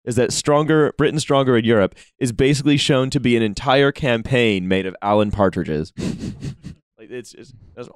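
A man's voice: medium pitch, brisk, clean tone, dry recording, clean studio sound. A man co-hosting a casual podcast chat, rambling with many restarts and casual swearing. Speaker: podcast co-host.

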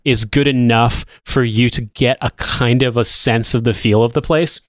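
A man's voice: medium pitch, steady tone, moderate pace, no room sound, studio quality. A man in his thirties co-hosting a podcast, chatting loosely with lots of restarts and casual swearing. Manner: rambling, swears freely. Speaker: podcast co-host. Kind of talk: casual chat.

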